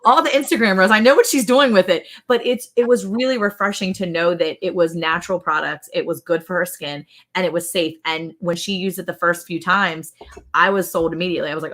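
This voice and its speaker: A woman's voice: lowish voice, steady tone, brisk, fairly bright tone. A middle-aged woman hosting a casual live chat, telling rambling stories and acting out quotes. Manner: rambling storyteller, acts out quotes. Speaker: host.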